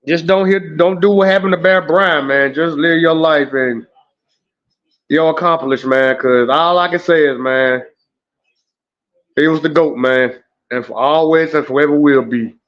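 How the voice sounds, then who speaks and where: A man hosting an emotional live stream, animated, groaning and exclaiming as he talks. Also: on the high side, muffled recording. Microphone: home streaming setup.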